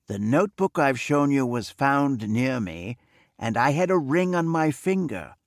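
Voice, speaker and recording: A man reading the part of a wealthy, reserved middle-aged man who speaks in a measured, formal way. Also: medium pitch, big pitch swings, dry recording, studio quality. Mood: earnest. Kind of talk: audiobook character reading.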